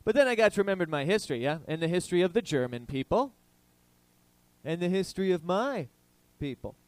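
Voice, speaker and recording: A male comedian with a somewhat high voice rambles through crude jokes and throws questions out to the audience. The sound is dry and close, with no room in it. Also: animated, fairly quick, dry recording. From Ireland. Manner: crude, rambling, jokey, asks the crowd questions. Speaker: comedy show host. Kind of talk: stand-up comedy banter with a live audience.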